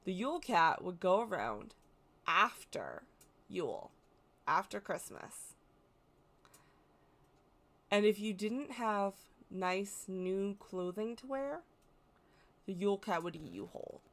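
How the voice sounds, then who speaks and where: A woman's voice: medium pitch, sing-song, takes it slowly, pauses often, a bit bright. An American woman explaining folklore in a casual, chatty way, correcting herself as she goes and adding playful asides. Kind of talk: casual educational talk.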